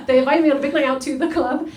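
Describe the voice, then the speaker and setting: Giggly young woman doing stand-up. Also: high-pitched. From United Kingdom. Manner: chatty, full of "like" and laughter, addresses the crowd. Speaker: stand-up comedian. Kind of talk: stand-up comedy. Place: comedy venue stage. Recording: echoey room with loud noise.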